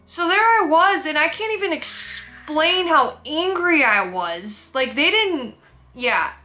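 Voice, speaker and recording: A woman's voice: sits high, lively intonation, takes it slowly, bright, forceful tone, faint music behind. A young woman telling a candid, emotional personal story in a sit-down vlog, rambling and restarting, close to tears. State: teary, emotional. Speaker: vlogger.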